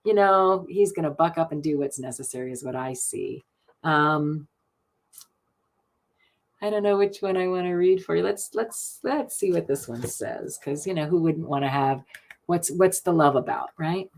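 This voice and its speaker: Middle-aged woman card reader, slightly low voice, warm gushing live-stream chat, laughs easily. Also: normal speed, gravelly. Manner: gushing and chatty, laughs often. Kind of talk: casual live card reading.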